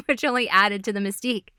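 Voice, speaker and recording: A woman's voice: medium pitch, bright, forceful tone, no room sound, clean studio sound. A woman co-hosting a casual history podcast, telling stories with playful asides and laughs. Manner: giggly storyteller, playful asides. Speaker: podcast co-host.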